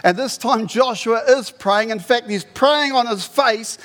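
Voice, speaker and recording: A man preaches a sermon with a high, bright-sounding voice, retelling the story in an animated way and breaking into loud acted-out quotes. His voice rings with a long reverb from the hall he is speaking in. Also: slow pace. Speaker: pastor.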